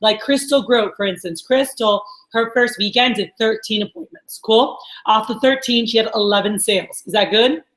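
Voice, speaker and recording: A woman's voice: a little high, moderate pace, few pauses, a bit bright, reverberant, low-quality recording. A woman training a sales team, talking in an upbeat coaching way and often checking in with her listeners. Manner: upbeat, coaching, lots of "all right?" check-ins. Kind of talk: training talk to a group.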